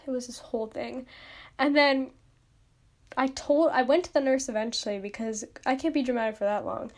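A woman's voice: high-pitched, steady tone, moderate pace. A young woman hosting a podcast, telling a story in casual chat, self-mocking and full of "like". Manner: chatty, lots of "like", self-mocking. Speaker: podcast host.

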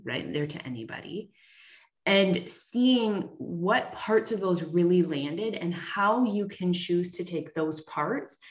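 A woman hosting a podcast, gently guiding listeners through a reflection exercise. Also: on the low side, roomy sound. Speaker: podcast host.

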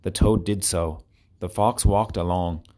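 A man reading short children's stories aloud with clear, expressive storytelling. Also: deep voice, measured pace. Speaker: narrator.

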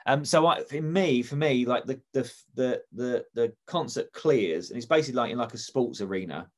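A man's voice: mid-range voice, lively intonation, normal speed. A man chatting casually, rambling enthusiastically with many restarts. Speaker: podcast co-host. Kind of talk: casual comedic chat.

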